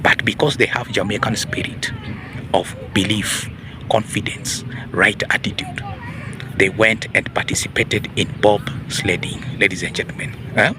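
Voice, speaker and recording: In an animated, lowish voice at a moderate pace, a man hosts a preachy opinion monologue with noise in the background. Rhetorical questions to the audience abound, along with repeated "ladies and gentlemen" and "huh?"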